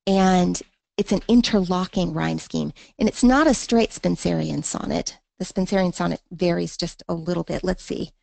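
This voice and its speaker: A woman's voice: lowish voice, normal speed, creaky, darkish tone, no room sound. A woman teaching a poetry lesson in an online class, thinking aloud with fillers and reading verse in a rhythmic beat. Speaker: literature teacher.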